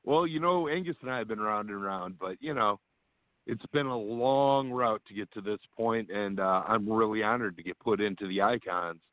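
A man guesting on a wrestling radio show, talking haltingly with many fillers. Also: lowish voice, no room sound. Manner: halting, says "you know" and "uh" often. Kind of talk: casual radio interview. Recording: dry tinny phone line.

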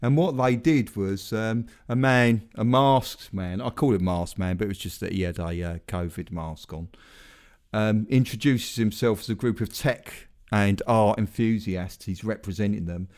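Chatty rambling man, smooth voice. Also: lowish voice, normal speed, a little mellow. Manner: rambling, chatty, self-deprecating asides. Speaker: podcast host. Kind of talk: casual chat.

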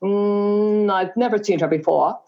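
A woman's voice: mid-range voice, unhurried, natural voice. A woman voicing a young French waitress with a French accent, giving brief, polite answers. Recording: dull lo-fi recording.

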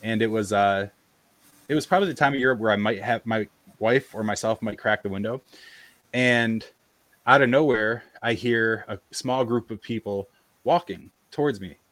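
A man telling a personal story in casual conversation, halting and full of fillers and restarts, on a video call. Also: fairly low pitch, a bit bright, no echo. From American South, Appalachia. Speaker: podcast guest.

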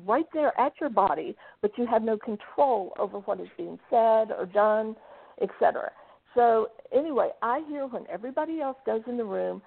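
Gravelly woman on a tinny phone line. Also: on the high side, dry recording. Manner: chatty storyteller, quotes spirits and clients. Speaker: psychic medium guest. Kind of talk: casual phone interview.

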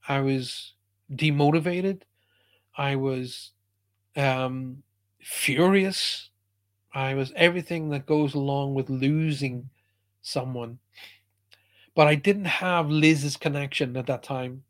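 An Irish psychic medium answers a listener's question and tells a personal story, speaking earnestly and emphatically while often restarting his sentences. His mid-range voice has a fairly bright tone, and he talks slowly, pausing often.

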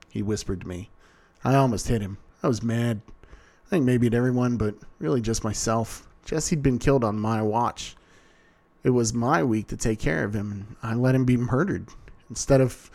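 A man narrates a first-person story with a dry, sardonic bluntness. His voice sits at an ordinary male pitch with a strong gravelly fry running through it. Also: a little mellow.

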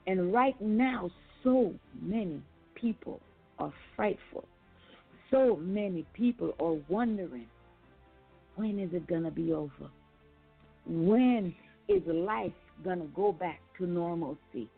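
Woman preaching, slow and emphatic, repeats her lines, tinny phone sound w/ faint music behind. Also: on the low side, expressive, creaky, husky. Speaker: preacher and author. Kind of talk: sermon.

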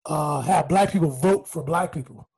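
A man hosting a casual podcast chat, excitable and joking, often laughing as he talks. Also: fairly high pitch, moderate pace, gravelly, rough recording. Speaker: podcast host.

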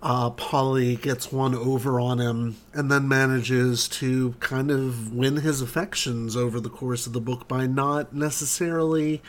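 A man's voice: medium pitch, fairly even intonation, a little slow, few pauses. A man hosting a podcast in casual conversation, making dry, wry asides. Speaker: podcast host.

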